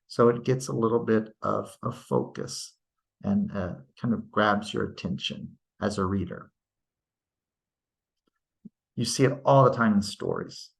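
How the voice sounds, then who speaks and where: A man teaching a grammar lesson, explaining sentence structure in a deliberate way and reading out example sentences. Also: mid-range voice, gravelly, a bit bright. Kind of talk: grammar lecture.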